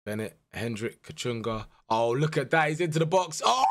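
A young man giving live commentary over a football management game, swinging from muttered dread to shouted excitement. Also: fairly high pitch, normal speed, few pauses, heavy background noise. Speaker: gaming YouTuber.

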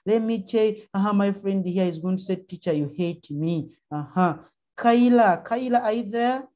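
Mellow-voiced Ugandan woman teacher. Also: mid-range voice, moderate pace, lo-fi sound. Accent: Ugandan English. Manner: encouraging, prompting with frequent uh-huh and mm-hmm. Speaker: primary school teacher. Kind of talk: online class lesson. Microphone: video call.

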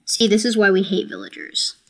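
A woman's voice: mid-range voice, sing-song, brisk, fairly bright tone. A woman streaming a game, talking casually to viewers in a chatty, self-mocking and playfully dramatic way. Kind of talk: casual gameplay commentary.

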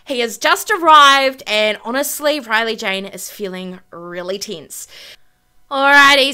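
A young woman talks over her gameplay as the channel host, chatty and dramatic. Her voice sits a little high and sounds bright and crisp throughout. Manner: chatty, dramatic, says "honestly" and "freaking" a lot. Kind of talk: casual let's-play commentary.

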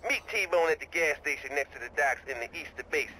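An actor playing a smooth-talking male pimp who is falsely friendly on the phone in a game. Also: fairly high pitch, expressive, fast, heavy background noise, close to an everyday voice. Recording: game audio with clear sound effects.

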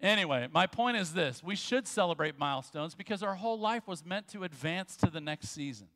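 A man preaching a sermon as pastor, telling jokes and stories with quick asides. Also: high-pitched, animated, sharp tone. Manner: jokey storytelling with quick asides. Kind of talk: sermon with humor. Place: church sanctuary. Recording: long church hall reverb.

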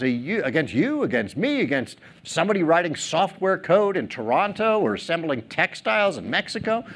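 A man's voice: high voice, slight background noise. A middle-aged man giving a keynote speech on a theater stage, telling stories, acting out quotes and joking with the audience. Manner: animated storyteller, acts out quotes, jokes with audience. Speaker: keynote speaker.

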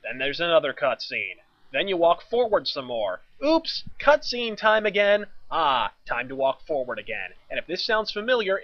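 A male game reviewer delivering a scripted rant, high-voiced and sardonic. He leans into crude hyperbole and swearing. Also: lo-fi sound.

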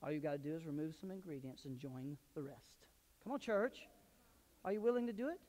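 A male pastor preaching a sermon in a church, telling personal stories and swinging into loud emphatic bursts. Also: on the high side, animated, brisk. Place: church sanctuary. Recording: long hall reverb.

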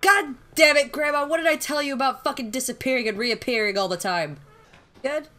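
A woman's voice: sits high, brisk, bright, forceful tone. A woman gaming streamer giving sarcastic, profane commentary while playing a horror game and shrieking at the scares. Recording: noisy home recording.

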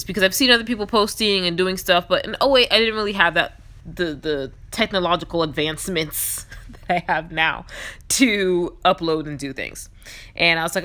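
A woman's voice: fairly low pitch, normal speed, sharp tone. A woman in her twenties telling a story in a chatty, self-deprecating way while playing a game. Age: 20s. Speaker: gaming YouTuber.

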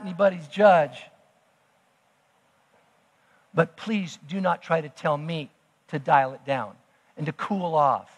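A man preaching a sermon as pastor, emphatic, swinging between loud declarations and hushed asides. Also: fairly high pitch, measured pace. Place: church sanctuary. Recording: long church hall reverb.

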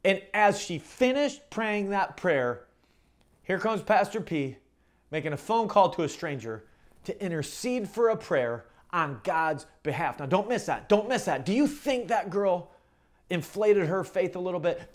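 A male pastor preaching a sermon, swinging from loud emphatic calls to quiet storytelling and repeating phrases for emphasis. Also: high-pitched, lively intonation, unhurried. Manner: repeats "don't miss that" for emphasis.

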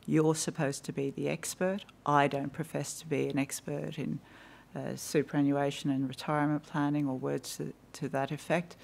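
Woman in her fifties, gravelly, witness testimony, measured and dry, desk mic. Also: deep voice, little pitch movement, darkish tone. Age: 50s. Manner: measured and precise, with dry wry asides. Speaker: witness giving evidence. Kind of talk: formal testimony recounting a conversation. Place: hearing room of a public inquiry.

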